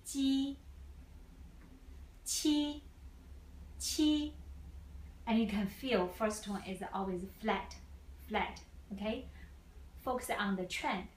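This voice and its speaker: A woman's voice: medium pitch, slight background noise. A woman teaching a Mandarin lesson patiently, repeating each sound twice in simple English. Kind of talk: slow language lesson. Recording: echoey room.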